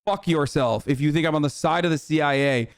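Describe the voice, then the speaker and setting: A man's voice: fairly high pitch, fairly quick, clear, resonant tone. A man streaming a reaction to a documentary, ranting in a heated, profane, sarcastic way. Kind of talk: casual reaction commentary.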